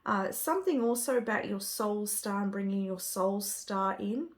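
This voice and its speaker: A woman's voice: mid-range voice, moderate pace. A woman giving a spiritual card reading to camera. She talks with gushing enthusiasm and often trails off and restarts. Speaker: tarot card reader.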